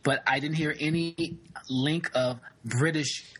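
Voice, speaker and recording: Husky man chatting about actors. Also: a little high, fairly even intonation, takes it slowly, fairly bright tone, poor audio. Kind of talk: casual chat about acting.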